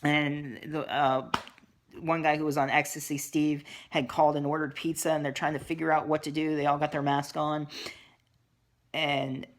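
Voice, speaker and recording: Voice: medium pitch, level tone, moderate pace. A reviewer casually recapping a horror movie, dismissive and sarcastic, with many ums and uhs.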